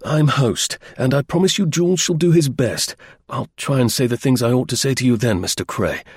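A man's voice: medium pitch, little pitch movement, fairly quick, creaky, a little mellow, slightly rough, dry recording, studio quality, pitched above the performer's own voice, heavily acted. A man voicing a shaken young husband who speaks in a strained, pleading way in an audiobook. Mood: eager.

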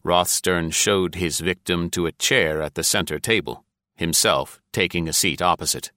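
Deep-voiced male story narrator. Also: moderate pace, pushed and bright, dry recording, clean studio sound. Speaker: audiobook narrator. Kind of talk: scripted narration.

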